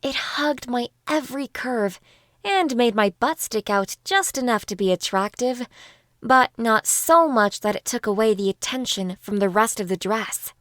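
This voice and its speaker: A woman narrating a first-person audiobook in a calm, even storytelling manner. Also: fairly high pitch, measured pace, dry recording.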